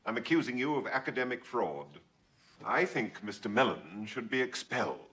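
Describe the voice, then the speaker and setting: A man's voice: mid-range voice, very animated, moderate pace, fairly bright tone, slightly rough. An actor playing a stuffy, vindictive male professor in a film comedy, speaking in a prim, clipped way.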